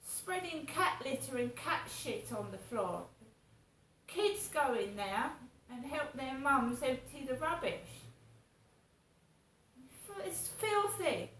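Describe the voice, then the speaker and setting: A woman's voice: high voice, animated, takes it slowly, a bit bright, slight background noise. A woman vlogging in a rambling, indignant monologue, swearing as she talks. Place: home flat. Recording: roomy echo, distant from mic.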